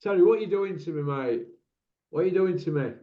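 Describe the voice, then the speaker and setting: A man's voice: high voice, quick pace. A man hosting a casual chat, full of teasing, laddish banter. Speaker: host. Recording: roomy, dull lo-fi sound.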